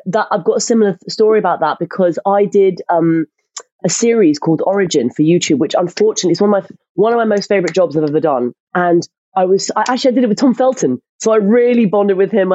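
Animated woman telling stories, dull dry sound. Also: medium pitch, quick pace, no echo. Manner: animated storyteller, frequent restarts. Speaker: actress, podcast guest. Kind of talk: casual interview chat.

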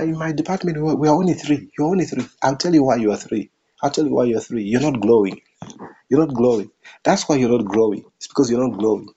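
A man's voice: medium pitch, a little mellow, lo-fi sound, slight background noise. A man preaching a sermon, emphatic, repeating his phrases for effect.

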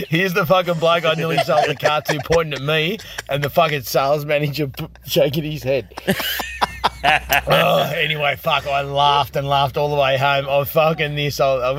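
A man's voice: a little high, a bit bright. An Australian man leaving a laughing, sweary storytelling voice message.

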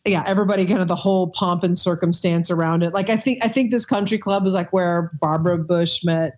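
A woman's voice: lowish voice, fast, a little mellow. A woman, a former bartender, chatting on a podcast and telling stories with many fillers and restarts. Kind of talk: casual podcast chat.

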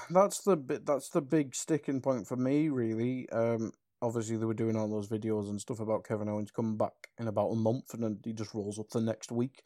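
A man's voice: on the low side, warm tone, dry recording, clean studio sound. A man co-hosting a wrestling podcast, talking casually with lots of ums, restarts and the odd swear. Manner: rambling, swears, trails off with ums. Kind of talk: casual chat.

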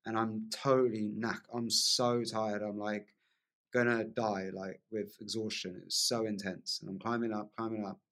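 A man telling a long personal story as a podcast guest, in a lively casual way, often asking "right?" along the way. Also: fairly low pitch, moderate pace. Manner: animated storyteller, frequent "like" and "right?" tags.

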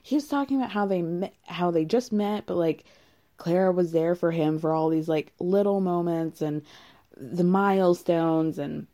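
A woman's voice: fairly low pitch, normal speed, warm tone. A woman casually recapping a reality show, candid and rambling, with frequent laughs.

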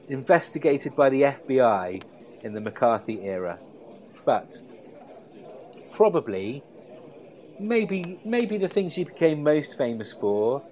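A man co-hosting a podcast, chatting casually and telling stories with a relaxed, relishing delivery. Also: medium pitch, low-quality recording. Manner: relaxed storytelling, savoring quotes. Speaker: podcast co-host. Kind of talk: casual chat.

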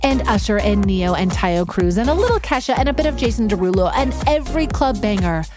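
A woman's voice: medium pitch, very animated, fairly quick, music in the background. A woman hosting a podcast in a playful, bubbly, joking way. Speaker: podcast host. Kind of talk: casual podcast chat.

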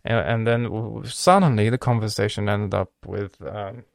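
A young man talking in a casual, rambling monologue, cursing often and filling pauses with ums and restarts. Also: on the low side, steady tone, gravelly, no room sound, clean studio sound. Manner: profane, rambling, with many fillers and restarts. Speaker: vlogger.

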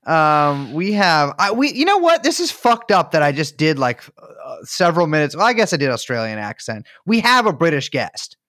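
A male podcast co-host riffs and teases through a loose comedy chat, his pitch swinging lively up and down. The sound is close and dry. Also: normal speed, hardly any pauses, no room sound. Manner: jokey, teasing, riffing with bits. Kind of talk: casual chat.

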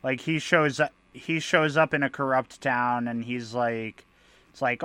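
Male co-host, quick profane quips, relaxed banter. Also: medium pitch, clear, resonant tone, dry recording. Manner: wisecracking, profane. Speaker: podcast co-host. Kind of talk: casual chat.

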